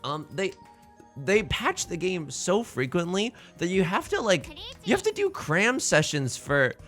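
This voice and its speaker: Man, let's play host, animated pitch, tired, melodramatic, self-deprecating, stammering restarts, faint music behind. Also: a little slow. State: tired from little sleep. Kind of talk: casual gameplay commentary.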